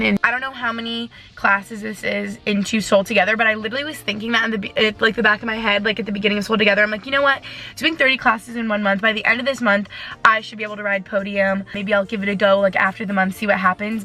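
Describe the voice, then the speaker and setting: A young woman vlogging in a casual, chatty and excitable way, filler-heavy and emotional, filmed on a phone held at arm's length. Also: mid-range voice. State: emotional, teary. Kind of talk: casual vlog talk. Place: walking outdoors and driving.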